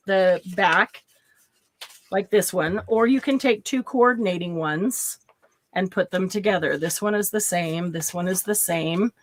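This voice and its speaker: A woman's voice: mid-range voice, a little hiss or hum. A woman hosting a casual craft tutorial. She chats, giggles often and thinks aloud while she demonstrates. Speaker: craft channel host.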